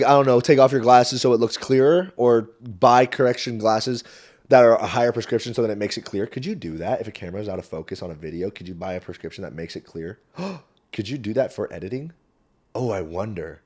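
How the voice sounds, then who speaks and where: A young man hosting a podcast, telling a story in a casual, animated way and swearing freely. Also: on the low side, brisk. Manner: animated, swearing, jumps into quoted voices. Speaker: podcast host. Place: small warm room indoors. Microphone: camera mic, solo recording.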